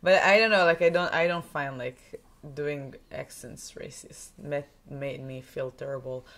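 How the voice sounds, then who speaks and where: A woman's voice: low voice, steady tone, a little slow, fairly bright tone. A woman, a Hebrew speaker, co-hosting a casual podcast and chatting playfully, interrupting and laughing. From Israel. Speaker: podcast co-host. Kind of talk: casual chat.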